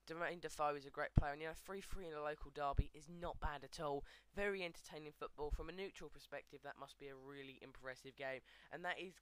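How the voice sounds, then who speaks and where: A man hosting a gaming video, giving casual, chatty commentary over match highlights and talking straight to his viewers. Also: a bit bright, clear, resonant tone, dry recording. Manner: chatty, addresses viewers as guys, frequent fillers.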